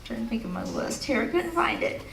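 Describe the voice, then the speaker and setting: A middle-aged woman speaks fairly quickly in a high-pitched, very animated voice with vocal fry. At an expo, her motivational talk includes a personal story with laughter and then audience affirmations. The background is noisy, and the echoey large hall is recorded from a distance.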